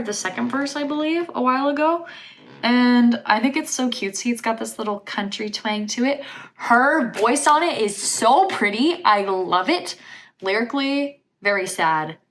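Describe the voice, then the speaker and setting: A woman's voice: fairly high pitch, animated, moderate pace, a bit bright. A woman reviewing an album for her vlog in casual chat, gushing and dropping "like" into almost every sentence. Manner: gushing, filler-heavy talk with lots of "like". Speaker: music reaction vlogger.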